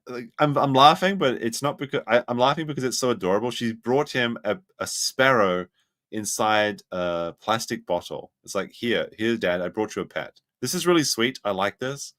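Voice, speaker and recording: A man hosting a livestream, reacting to clips with excitable commentary that keeps breaking into laughter and sudden shrieks. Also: on the low side. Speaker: livestream host.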